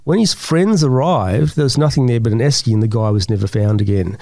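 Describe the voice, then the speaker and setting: A man's voice: mid-range voice, brisk, creaky, dry recording. A man with an Australian accent, a guest in an interview, telling long stories and acting out the voices of people in them. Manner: animated storyteller, acts out voices in his anecdotes. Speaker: guest, yowie researcher. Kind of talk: casual storytelling interview.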